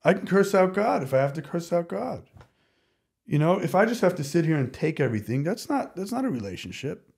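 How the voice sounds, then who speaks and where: A man speaking as a podcast guest, telling candid personal stories in an animated, rambling way, often restarting his sentences. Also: fairly high pitch, a little fast, creaky, breathy edge. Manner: animated, rambling, self-interrupting. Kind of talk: candid conversational storytelling.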